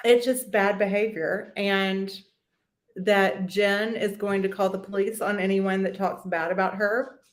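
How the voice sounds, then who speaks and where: A woman's voice: medium pitch, steady tone, measured pace, roomy sound. A woman hosting a live stream in a casual, blunt, profane, gossipy way.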